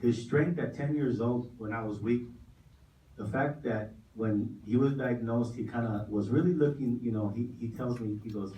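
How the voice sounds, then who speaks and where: A man's voice: medium pitch, moderate pace, muffled recording, a little hiss or hum. Impassioned man speaking in an echoey hall. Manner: impassioned, preacher-like cadence with repetition. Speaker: community nonprofit leader. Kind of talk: speech at a community forum. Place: large hall at a forum. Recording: echoey room, mic from a distance.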